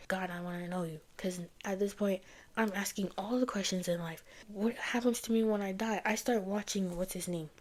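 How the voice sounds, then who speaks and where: A young woman speaks in a casual personal testimony. She rambles as she talks, leaning on filler words and circling back on herself. Her voice sits at an ordinary mid pitch. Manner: rambling, many fillers like "like" and "you know". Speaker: vlogger sharing her faith story.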